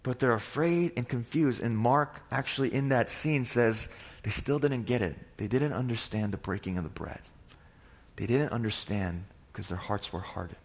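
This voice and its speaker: A man's voice: medium pitch, moderate pace. A young man preaching a sermon, telling stories dramatically and acting out the people in them. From Korea. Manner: dramatic, acts out voices of disciples and Jesus. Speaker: pastor.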